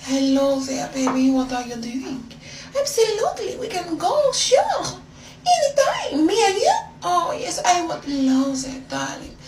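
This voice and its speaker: A woman's voice: extremely high pitch, wildly swooping pitch, measured pace, reverberant, distant mic, background noise, voice pushed up, full character voice. A woman putting on a fake French accent to play a flirty, coy version of herself, sweet-talking a man. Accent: put-on French accent.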